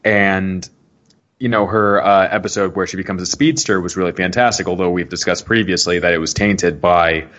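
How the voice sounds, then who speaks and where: A man co-hosting a casual podcast, giving measured opinions and laughing easily. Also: sits low, steady tone, a bit bright, highs cut off. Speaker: podcast co-host.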